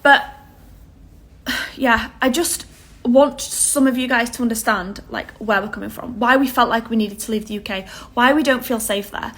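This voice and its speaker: A woman's voice: fairly high pitch, moderate pace, fairly bright tone. A woman speaking to camera in an earnest, pleading way, close to tears. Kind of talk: emotional vlog to camera.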